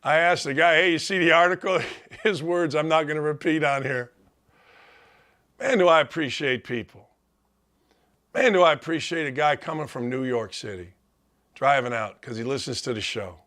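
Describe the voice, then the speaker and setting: Emotional man, bright voice. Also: on the high side, moderate pace, long pauses. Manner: heartfelt, tearful gratitude. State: choked up, near tears. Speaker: sports talk show host. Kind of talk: emotional monologue.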